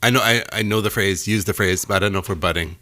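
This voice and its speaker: Jokey podcast co-host. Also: male voice, on the low side, fast, pushed and bright. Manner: jokey, playful wordplay. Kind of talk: casual podcast chat.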